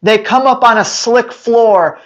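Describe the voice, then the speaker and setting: Unhurried, joking male dog trainer. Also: very high voice, lo-fi sound. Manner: joking, animated, emphatic. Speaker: dog trainer, show host. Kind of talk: casual live-stream Q&A.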